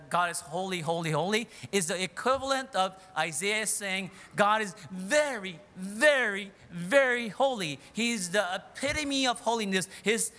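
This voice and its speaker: A man with a high, bright voice preaches a sermon, talking conversationally and often restarting or repeating words. His voice carries the long reverb of a large hall.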